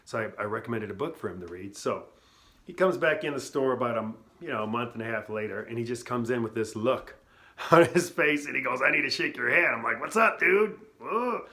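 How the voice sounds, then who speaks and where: A man's voice: mid-range voice, brisk, a bit bright. A middle-aged man telling his founder story in a casual, earnest way, talking with many asides and restarts, recorded on his phone. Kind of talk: casual personal testimony.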